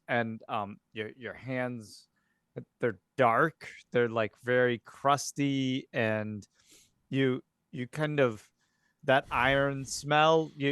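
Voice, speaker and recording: A man's voice: mid-range voice, a bit bright, clear, resonant tone, no room sound, studio quality. A man narrating as game master of a tabletop horror game, hesitant with many fillers.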